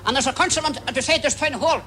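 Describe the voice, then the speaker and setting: A man voicing a flustered, excitable interviewee who gabbles eagerly. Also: very high-pitched, racing, a crowd in the background, voice pushed up. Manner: eager, gabbling, keeps saying yes.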